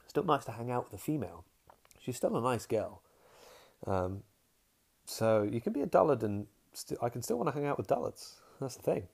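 A young man talks through a casual podcast monologue in a lowish voice with a gravelly edge. He rambles frankly, trailing off and restarting mid-thought. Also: a little mellow. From England. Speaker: podcast host.

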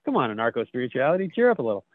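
A man's voice: mid-range voice, big pitch swings, rapid-fire, no room sound. A man co-hosting a podcast, chuckling as he reads out memes in a casual, jokey chat. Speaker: podcast co-host. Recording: tinny phone-like line, dry.

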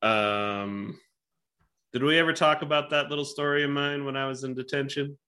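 Man, 30s, casual podcast host, bright voice, jokey, swears. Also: mid-range voice, fairly even intonation, normal speed. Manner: joking, offhand, swears freely. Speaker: podcast co-host running a trivia game. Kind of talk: casual chat.

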